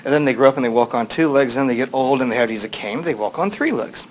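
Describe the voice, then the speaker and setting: A male teacher tells an ancient story to his class in an easy, rambling way, full of fillers and asides. His voice sits at a middle pitch. A faint hiss runs underneath. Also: racing, low-quality recording.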